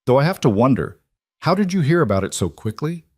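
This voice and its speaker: A man voicing a dangerous male mafia boss who speaks in a cold, even, threatening way. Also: medium pitch, fairly quick, husky, dry recording, studio quality, voice pushed up.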